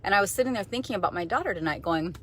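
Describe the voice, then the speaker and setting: Husky-voiced woman chatting in a car. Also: mid-range voice, animated, rapid-fire. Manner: enthusiastic, conversational, many fillers and restarts. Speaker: vlogger, mindset coach. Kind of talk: casual talking-to-camera vlog. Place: parked car.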